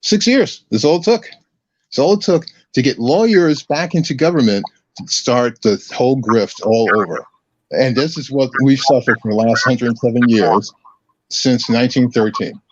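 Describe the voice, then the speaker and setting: A man's voice: medium pitch, normal speed, no echo. A man ranting combatively in a casual political chat as a podcast guest, restarting his phrases often. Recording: dull lo-fi audio, dry.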